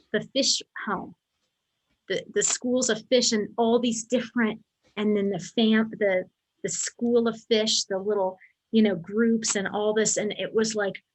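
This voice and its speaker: Excitable woman in her forties recalling a journey. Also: medium pitch, low-quality recording. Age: 40s. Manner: excited, emotional storytelling with many restarts. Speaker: guest sharing a story. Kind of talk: casual spoken recollection.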